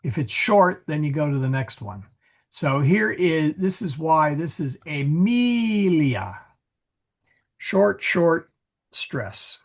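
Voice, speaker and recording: A man with a gravelly, husky voice teaches Latin to a small group over a video call. He explains patiently and often corrects himself along the way. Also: fairly high pitch, big pitch swings, measured pace. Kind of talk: casual online class.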